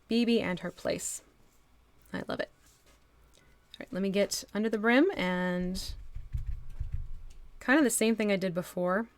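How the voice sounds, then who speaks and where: A lowish, creaky female voice belongs to a woman with a local northwestern New Jersey accent. Chatting casually during a miniature painting live stream, she laughs easily and voices her thoughts while she works.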